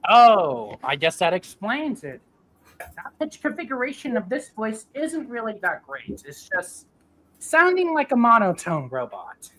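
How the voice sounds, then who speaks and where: A woman hosting, chatting casually about voices and laughing often. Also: a little high. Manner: giggly, slow and animated. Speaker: host. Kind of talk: casual chat reviewing voices.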